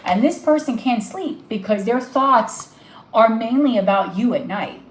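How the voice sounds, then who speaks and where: A woman's voice: fairly high pitch, expressive, unhurried, roomy sound, low-quality recording. Emotional woman reading tarot live. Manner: emotional, gushing, talks straight to the viewer. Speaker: tarot reader.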